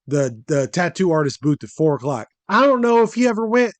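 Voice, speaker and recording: High-voiced man telling a wild story. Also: a little fast, no echo. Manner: animated, profane, acts out quotes in a raised voice. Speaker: podcast host. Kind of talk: casual storytelling chat.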